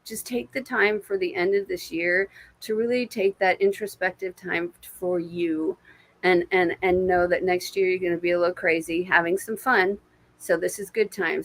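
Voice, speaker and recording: A woman giving live intuitive readings to viewers on a stream, casual and encouraging, with plenty of swearing and pet names like babe and my friend. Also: lowish voice. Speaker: intuitive reader.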